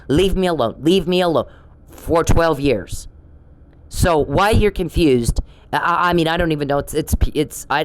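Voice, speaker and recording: A woman's voice: low voice, low-quality recording. Woman podcaster, angry repetitive rant, swears. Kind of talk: angry monologue addressed to one person.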